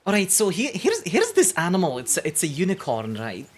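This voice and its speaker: A woman's voice: on the low side, wildly swooping pitch, normal speed, husky. A young woman streaming a game, chatting playfully with her viewers, laughing often and rambling off on asides. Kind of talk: casual live-stream game commentary.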